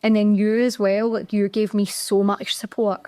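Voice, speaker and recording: A woman's voice: medium pitch, little pitch movement, normal speed, a little mellow, no echo. A young adult woman with a Scottish accent, co-hosting a podcast and telling a candid, emotional story from her own working life. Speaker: podcast co-host. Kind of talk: casual chat.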